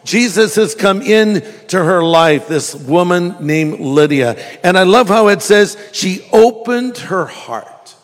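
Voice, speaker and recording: A man preaching a sermon in church, telling stories in a jokey, animated way. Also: high voice, big-room sound. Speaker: pastor.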